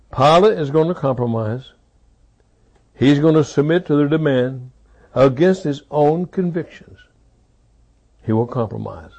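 A man preaching a sermon, repeating key phrases for emphasis and swinging between loud rises and low, quiet drops. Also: creaky, slightly rough.

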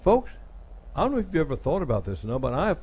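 A man's voice: a little high, huge pitch swings, fast talker, husky, highs cut off. A middle-aged man preaching a sermon, retelling scripture dramatically and voicing the people in it. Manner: dramatic retelling, acting out speakers with sudden loud jumps.

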